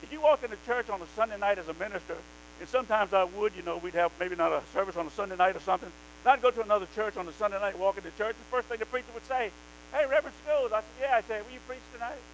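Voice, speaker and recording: A male preacher from the South, delivering a fervent, emphatic sermon that rises into loud exhortation. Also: sits high, very fast, a little hiss or hum, low-quality recording. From American South.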